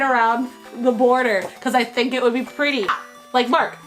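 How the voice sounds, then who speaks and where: Young woman, from Texas, sick worn voice, chatty storytime, lots of "like", slightly high pitch. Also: a little fast, faint music behind. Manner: chatty, lots of filler likes, animated retelling. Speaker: vlogger. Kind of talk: casual storytime vlog.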